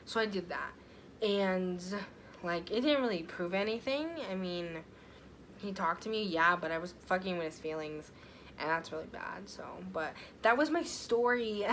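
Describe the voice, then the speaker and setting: A woman's voice: medium pitch, fairly bright tone, rough recording. A young woman telling a personal story to her vlog audience, chatty, full of fillers and casual swearing. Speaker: vlogger. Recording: faint background noise.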